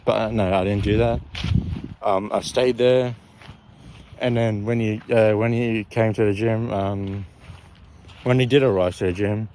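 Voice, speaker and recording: Young adult male storyteller, slightly low-pitched, talks in loops and corrects himself as he goes. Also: fairly even intonation, a little slow, long pauses, darkish tone, slight background noise. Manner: rambling, repetitive, keeps correcting himself. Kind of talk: casual storytime.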